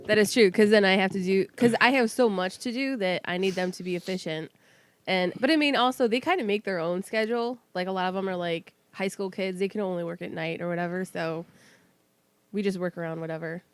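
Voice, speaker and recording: Woman podcast regular, mid-pitched, blunt and profane, laughs a lot. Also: fairly quick, clean tone. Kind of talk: casual chat.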